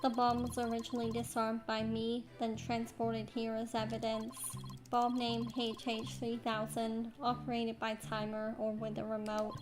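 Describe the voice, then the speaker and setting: A woman's voice: on the high side, completely flat delivery, moderate pace, close to an everyday voice. A woman voicing a terse male bomb disposal expert who talks in clipped, robotic phrases over game music.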